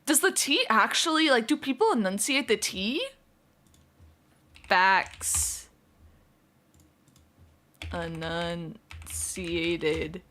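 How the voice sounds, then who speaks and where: A young woman chatting casually on a live stream, talking fast, giggling and fretting over how she pronounces words. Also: high voice, big pitch swings, bright, forceful tone, slight background noise. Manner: fast-talking, giggly, self-conscious about her pronunciation.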